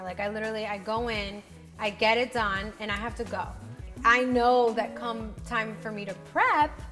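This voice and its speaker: A woman's voice: medium pitch, bright, forceful tone. A woman vlogging casually from her home kitchen as a busy new mom, chatty and upbeat, with lots of "like" and "literally". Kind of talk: casual vlog chat.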